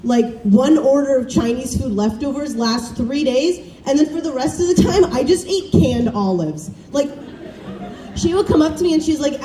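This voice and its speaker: A woman's voice: high-pitched, normal speed, a little hiss or hum. Young Southern woman doing chatty stand-up. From American South. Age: young adult. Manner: self-deprecating, chatty, animated storytelling. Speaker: student stand-up comic. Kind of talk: stand-up comedy set. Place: campus showcase stage. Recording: roomy, distant stage recording with faint ambience.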